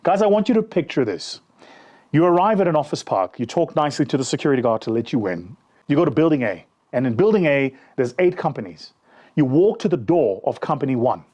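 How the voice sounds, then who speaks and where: A man's voice: mid-range voice, a little fast. A man telling a motivational story about sales, speaking straight to his listeners and acting out bits of dialogue. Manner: animated, addresses listeners directly, acts out dialogue.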